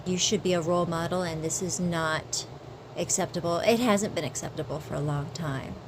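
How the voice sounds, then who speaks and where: A woman's voice: lowish voice, steady tone, moderate pace, noisy background. A woman co-hosting a commentary show in a lecturing, scolding way. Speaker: co-host. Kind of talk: casual commentary.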